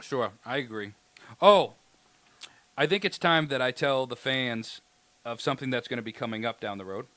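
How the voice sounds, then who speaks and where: A man's voice: mid-range voice, moderate pace, fairly bright tone, dry recording. A man co-hosting a casual podcast, playful and laughing at his own jokes. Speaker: podcast co-host.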